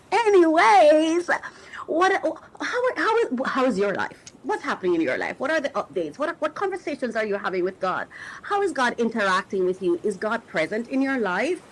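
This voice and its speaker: A woman's voice: a little high, very animated, normal speed, a little hiss or hum, poor audio. A middle-aged woman hosting a podcast, talking in an emotional, searching way about faith, often restarting as she looks for words. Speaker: podcast host and coach. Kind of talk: reflective spiritual talk to listeners.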